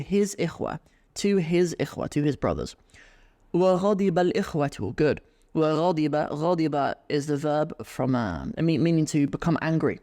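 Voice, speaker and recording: A man teaching Arabic on a podcast, reading lines aloud and explaining them in a relaxed, chatty way. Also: a little high. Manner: reads Arabic aloud then explains in English; chatty, with fillers and restarts. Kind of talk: podcast language lesson.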